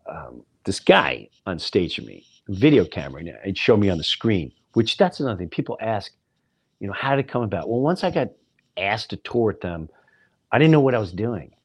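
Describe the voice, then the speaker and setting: Animated middle-aged comedian telling a story. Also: male voice, on the low side, normal speed, husky. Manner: animated, rambling, acts out voices in his stories. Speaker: comedian podcast host. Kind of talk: casual storytelling monologue.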